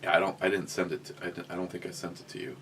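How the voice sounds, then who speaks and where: A man's voice: low-pitched, steady tone, rapid-fire, a bit bright, a little hiss or hum. A man hosting a casual podcast, rambling through a story with many restarts and fillers, and reading out chat comments. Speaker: podcast host.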